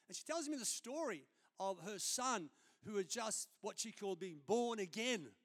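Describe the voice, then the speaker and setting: A man's voice: high-pitched, animated, normal speed, a bit bright. A man, a senior pastor preaching a sermon in a conversational, storytelling way during a church service.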